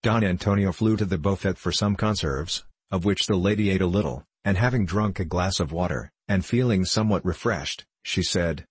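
A man narrating an audiobook in a steady, even reading with a husky voice. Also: low-pitched, moderate pace, few pauses, no echo.

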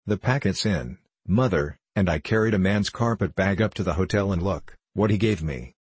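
A man's voice: low-pitched, moderate pace, darkish tone, slightly rough, no room sound. A man reading the part of an eager, bookish twelve-year-old boy in a storybook. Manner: eager, impatient.

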